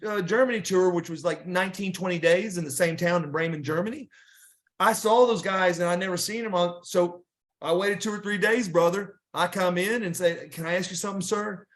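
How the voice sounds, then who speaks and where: A middle-aged man, a guest wrestler in a casual interview, rambles through wrestling stories in a fairly high voice at a moderate pace, full of restarts and fillers.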